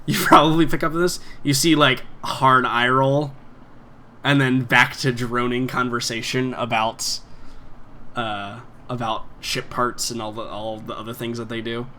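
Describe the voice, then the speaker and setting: Bright-voiced male game master. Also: medium pitch, little pitch movement, a little slow, a little hiss or hum. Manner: rambling, full of fillers and laughs. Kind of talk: narrating a tabletop game.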